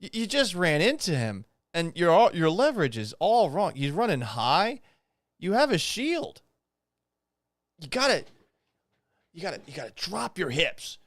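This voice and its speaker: A man's voice: big pitch swings, a little slow, long pauses, a bit bright, no room sound. A young man hosting a podcast, reading items aloud and mocking them in a sarcastic, profane, incredulous way. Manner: profane, jumps up in pitch when exasperated. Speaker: podcast host. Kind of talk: casual commentary.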